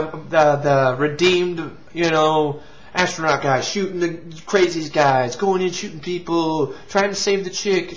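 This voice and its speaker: A movie reviewer and show host with a slightly high, somewhat bright voice rambles through a casual review, restarting sentences and swearing casually. The recording is lo-fi and dull.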